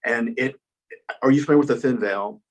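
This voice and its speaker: A man's voice: mid-range voice, a little fast, low-quality recording. A man guest speaker and author telling personal stories in an earnest, rambling way, with frequent restarts. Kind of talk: conversational storytelling.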